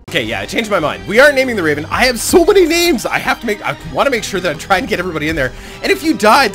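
A man's voice: on the high side, fairly bright tone. A man giving casual, rambling gameplay commentary as a let's play host, often laughing to himself. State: recovering from a cold.

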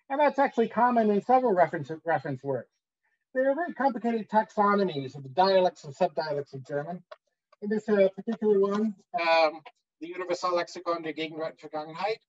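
A man giving an academic conference talk, measured and pausing often with "uh.". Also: high voice, highs cut off. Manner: measured, with frequent "uh" pauses. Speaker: academic lecturer.

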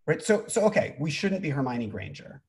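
A man's voice: on the high side, very animated, brisk, darkish tone. A middle-aged man, a rabbi, giving an informal talk on a Bible story, conversational, with frequent ums and restarts. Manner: conversational, many fillers and restarts. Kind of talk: informal Torah teaching.

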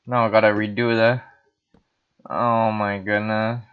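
In this dull lo-fi clip, a young man who's had some wine rambles and curses through a laid-back Minecraft building session he's hosting, poking fun at himself as he plays. He speaks a bit slowly in a low-leaning, flat, clean voice.

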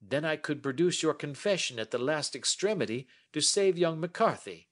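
A man reading a calm, gentle, sharp detective. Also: on the high side, voice pushed up. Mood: reassuring. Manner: measured, gentle and grave.

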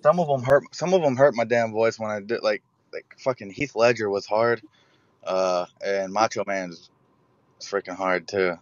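A man chatting casually in a relaxed, chuckling way. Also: on the low side, normal speed, no room sound. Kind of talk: casual chat. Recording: dull muffled audio.

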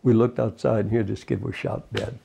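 A man's voice: lowish voice, level tone, fairly quick, gravelly, warm tone, slight background noise. A man in his eighties, a retired fisherman, recalling his childhood in a rambling oral history interview, full of "you know" asides. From United States. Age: 80s.

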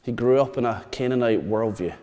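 A man, preaching a sermon. He tells stories and asks the congregation questions, dropping to quiet asides. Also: mid-range voice, a little fast. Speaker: pastor. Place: church hall. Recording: long church reverb.

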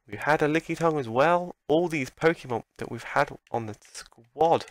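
A man giving gameplay commentary, excitable and talking back at the game as he plays. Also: a little high, normal speed, hardly any pauses. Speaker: let's play commentator.

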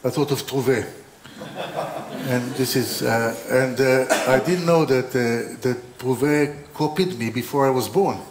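A man's voice: medium pitch, measured pace, few pauses, background noise. A man speaks at an exhibition opening, telling stories about his work in a loose, rambling way with lots of restarts and dry humor. His voice sits in the middle range and echoes around a roomy hall. A faint murmur of ambience hangs behind him. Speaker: designer giving an opening talk. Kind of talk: informal lecture with anecdotes.

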